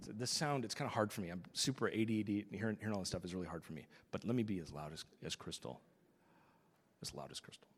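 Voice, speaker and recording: Animated preacher in a big reverberant hall. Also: male voice, fairly low pitch, normal speed, pauses often, breathy edge. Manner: animated preaching with voiced quotes, drops to a whisper for emphasis. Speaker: pastor. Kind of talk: sermon.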